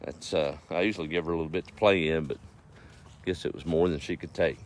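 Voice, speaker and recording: A man's voice: very deep voice, quick pace, a little hiss or hum. A man telling folksy stories in a laid-back, chuckling way, outdoors in his garden. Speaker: storyteller. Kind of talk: folksy storytelling.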